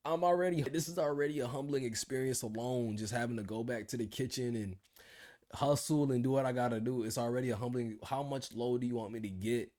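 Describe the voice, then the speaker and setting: A man's voice: medium pitch, steady tone, fairly quick, warm tone. A man in his twenties ranting about his job in a casual video diary, telling the story with slang. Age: 20s. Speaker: vlogger.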